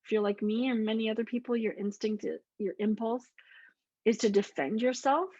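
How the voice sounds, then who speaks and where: A woman explaining emotion coaching to teachers in an earnest, deliberate way, slowing down to repeat key lists. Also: a little high, darkish tone, no room sound. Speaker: clinician presenting to teachers. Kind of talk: explanatory talk to camera. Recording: dull lo-fi dry voice recording.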